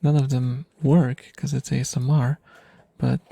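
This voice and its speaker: A man rambling softly to his stream audience in ASMR style, self-deprecating and often slipping into whispers, recorded close to the microphone at home. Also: medium pitch, level tone, unhurried, vocal fry, dry recording. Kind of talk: soft rambling ASMR chat.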